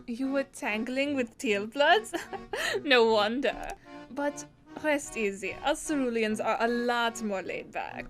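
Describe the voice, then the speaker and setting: Woman voicing a snobbish troll artiste, mock French accent, drawling, haughty, highish voice. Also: lively intonation, slow, soft background music. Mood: smug. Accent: attempted French. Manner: drawling, haughty, self-important. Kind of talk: live fan dub.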